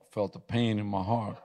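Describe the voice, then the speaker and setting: A man's voice: lowish voice, gravelly. Preaching man in a reverberant hall. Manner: storytelling with laughs, rising to loud exhortation. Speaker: pastor. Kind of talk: sermon.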